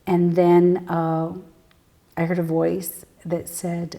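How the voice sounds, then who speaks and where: A spiritual medium appears as an interview guest, recounting her life story in a lowish, mellow, monotone voice. She's earnest and reflective but halting, full of fillers and restarts, and at intense moments her voice sinks to a near whisper.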